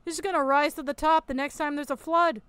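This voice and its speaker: A woman with a high voice mocks the video she's reacting to in crude, swearing commentary. She often breaks into loud laughter, and her voice sits close and dry with no room sound. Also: steady tone, fast, dry recording. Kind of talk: casual commentary.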